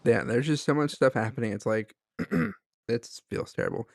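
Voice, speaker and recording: A man's voice: mid-range voice, lively intonation, moderate pace, gravelly, no room sound. A man co-hosting a podcast, telling a story in a loose, rambling way with lots of filler words. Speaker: podcast co-host. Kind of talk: casual chat.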